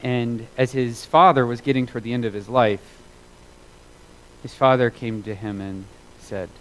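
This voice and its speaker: A man preaching a sermon as a pastor, earnest and emphatic, repeating phrases for weight and moving between loud and hushed delivery. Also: mid-range voice, steady tone, moderate pace, rough recording.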